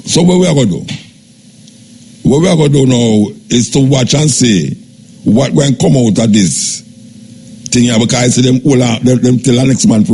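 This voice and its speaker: An older Jamaican man hosting a radio talk show. He gives a measured, skeptical monologue in Jamaican Patois. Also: mid-range voice, darkish tone. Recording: radio broadcast with faint background noise.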